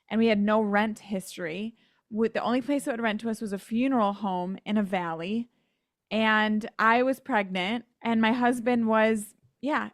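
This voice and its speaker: A slightly high-voiced American woman tells her faith story as a podcast guest, recorded cleanly in a studio with no room sound. Her storytelling is earnest and occasionally emotional, and she acts out quoted voices and laughs at herself.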